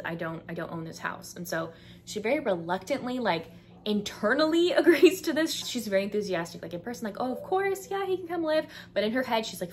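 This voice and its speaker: A young woman with a lilt chats through her book recommendations, peppering every line with fillers. She slips into quick voices for the characters as she retells the stories. Her pitch sits in an ordinary middle range, with a faint hiss in the recording. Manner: chatty, frequent fillers, acts out characters' lines. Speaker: book vlogger.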